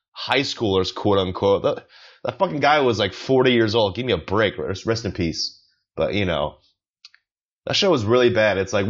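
Rambling sarcastic young man, lo-fi. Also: on the low side. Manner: rambling, sarcastic, swears a lot. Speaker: podcast host. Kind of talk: solo comedy podcast rant.

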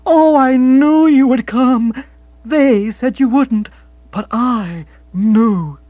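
An impulsive, romantic woman who pleads in high, breathless cries, as a male narrator puts her on. Her voice is husky and lively. The recording is dry and a little dull. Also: very slow, no echo, full character voice. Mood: overcome.

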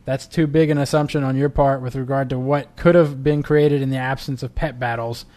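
A man's voice: mid-range voice, steady tone, fairly quick, darkish tone. A man co-hosting a casual gaming podcast, arguing points and reading forum posts aloud. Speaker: podcast co-host.

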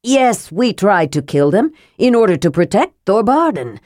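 A woman voicing a scheming male dwarf ruler who speaks smoothly and sneers his accusations. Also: medium pitch, sing-song, moderate pace, darkish tone, dry recording, studio quality, close to an everyday voice. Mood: sly.

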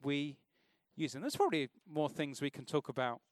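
A man's voice: a little high, big pitch swings, moderate pace, dry recording, studio quality. A man preaching an informal sermon in a church, talking conversationally and asking the congregation questions.

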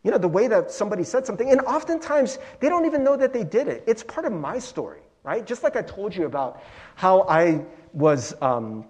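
Animated man preaching a chatty sermon. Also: sits high, fairly quick. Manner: animated, chatty, frequent "like" and "right?" asides. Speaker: pastor. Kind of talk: conversational sermon.

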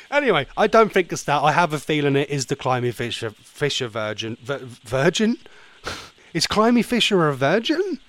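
A man's voice: fairly high pitch, sing-song, normal speed. A man hosting a casual radio show, chatty, rambling and playfully theatrical. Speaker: radio host.

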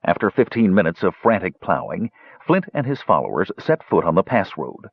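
A man in scripted audiobook narration, telling a fantasy story with animated delivery. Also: low-pitched, normal speed, husky, no echo. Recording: dull, dry lo-fi recording.

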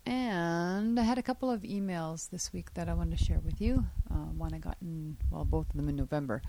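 A woman's voice: fairly low pitch, brisk, few pauses, warm tone, rough recording. Chatty woman podcast host. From Canada. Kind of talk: casual podcast chat. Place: small home office studio.

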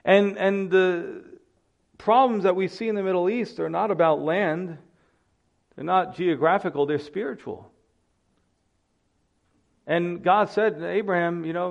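Animated male preacher, slightly dull sound. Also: a little high, unhurried, gravelly, long pauses. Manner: animated storytelling preacher, acts out voices. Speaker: pastor. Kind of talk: sermon.

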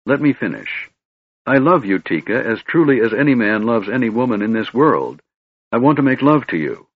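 Guy doing a big earnest young warrior, husky, kinda pleading, dry muffled audio. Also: mid-range voice, very animated, moderate pace, dry recording.

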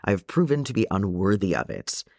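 A man's voice: fairly low pitch, big pitch swings, a little fast, vocal fry, a little mellow, dry recording, studio quality. Thorin, a man voicing a stern dwarf king. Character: stern older male dwarf king, proud, guilt-ridden. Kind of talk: audiobook fan reading.

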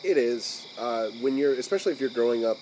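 An American man co-hosting a podcast, talking casually with frequent swearing and pausing to search for his words. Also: mid-range voice, expressive, background noise. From United States. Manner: rambling, profane, searching for words. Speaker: podcast co-host.

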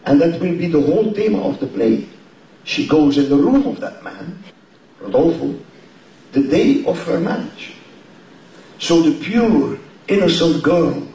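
Slow, deliberate man, echoey and distant. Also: on the high side, darkish tone, a little hiss or hum. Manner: slow, deliberate, pausing between phrases. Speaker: opera director. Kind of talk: interview answer. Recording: echoey room, voice from afar.

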